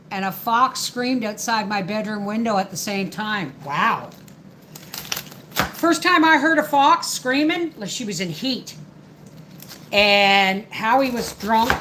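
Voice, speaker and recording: A woman's voice: medium pitch, a bit bright, slight background noise, low-quality recording. A middle-aged woman hosting a homestead live stream, chatting in a rambling way while she works and answers viewers. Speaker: homestead livestream host. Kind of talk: casual live-stream chat while working.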